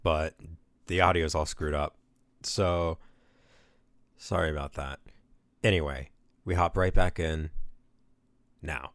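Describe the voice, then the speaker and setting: A man hosting a casual movie podcast, explaining technical problems in a relaxed way. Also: rumbling low, slow, long pauses, dry recording. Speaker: podcast host.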